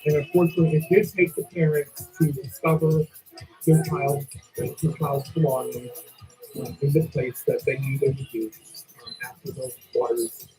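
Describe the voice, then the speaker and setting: A woman's voice: deep voice, fairly even intonation, normal speed, mellow, faint music behind, rough recording. A woman hosting her own channel, talking in a chatty, sassy, rambling way full of fillers. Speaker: channel host. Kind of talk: casual commentary vlog.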